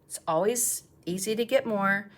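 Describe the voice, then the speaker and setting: A woman's voice: medium pitch, moderate pace. Chatty woman teaching painting. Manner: chatty, encouraging, thinks aloud while painting. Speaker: art teacher. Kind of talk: live painting demonstration.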